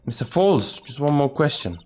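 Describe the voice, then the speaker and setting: Young woman lawyer, earnest and probing, animated pitch, as a man reads her. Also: moderate pace, slight background noise, natural voice. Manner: careful, probing questions. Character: young, earnest female defense attorney.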